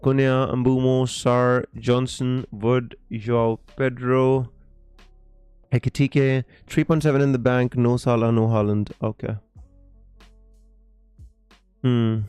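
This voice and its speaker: A man hosting a relaxed live stream, reading out viewer comments and answering them in a halting, friendly chat full of fillers and restarts. His voice is smooth and clear, recorded close and dry. Faint music plays underneath. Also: medium pitch, no echo. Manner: hesitant, many fillers and restarts, calls viewers mate; reads viewer comments aloud.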